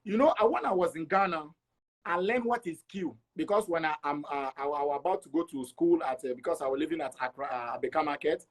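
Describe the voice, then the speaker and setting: A middle-aged man from Togo, an interview guest, telling his travel story in an animated way and acting out the dialogue. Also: fairly high pitch, fast. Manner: animated, acts out dialogue with repeats.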